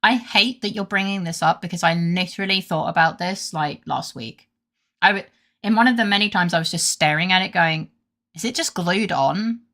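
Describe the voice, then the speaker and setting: A woman's voice: on the low side, a little fast, pushed and bright. A woman streamer chatting casually during a game stream, rambling, swearing freely and going on rants. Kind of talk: casual gaming stream chat.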